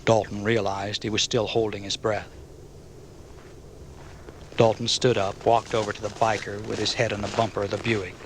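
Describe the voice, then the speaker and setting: A man narrating an audiobook novel in a measured, even storytelling manner. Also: lowish voice, a little hiss or hum.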